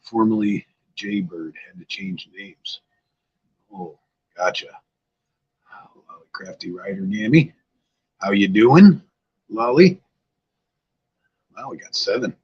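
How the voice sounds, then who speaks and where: A man's voice: on the low side, slow, pauses often, darkish tone, husky, muffled recording. An older man hosting a casual livestream, tired and a bit scatterbrained, chatting loosely with viewers. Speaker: livestream host. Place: outdoors-like spot at home.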